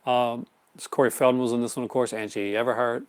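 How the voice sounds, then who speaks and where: A man's voice: mid-range voice, flat delivery, brisk, clear, resonant tone, no room sound. A man hosting a casual live stream, rambling enthusiastically about his horror film collection, with many fillers and restarts. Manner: answers viewer chat comments.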